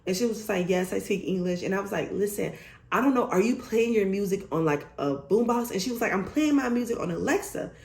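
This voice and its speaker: Young woman vlogger, emphatic storytime delivery, swears freely, middle pitch, roomy echo. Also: lively intonation, fast talker, creaky, a little mellow. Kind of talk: storytime vlog.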